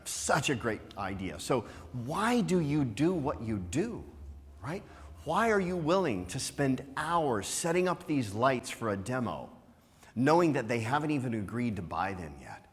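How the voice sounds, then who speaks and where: Male keynote speaker, mid-pitched, upbeat and playful with the crowd, heavy rhetorical questions, recorded in a big echoing hall. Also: a little slow. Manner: energetic, teasing, asks rhetorical questions with frequent "right?". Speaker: conference speaker. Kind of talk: motivational business talk to a live audience. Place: conference hall with an audience. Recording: long hall reverb.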